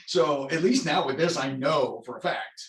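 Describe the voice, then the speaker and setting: A man's voice: on the high side, moderate pace. Rambling man telling stories in a roomy echo. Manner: rambling, self-interrupting storyteller with many restarts. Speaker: actor guest. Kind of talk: casual interview chat.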